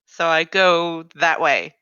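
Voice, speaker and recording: Female player, bright crisp voice, dry close sound, eager casual chat. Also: low-pitched, takes it slowly, no room sound, highs cut off. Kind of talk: casual tabletop play.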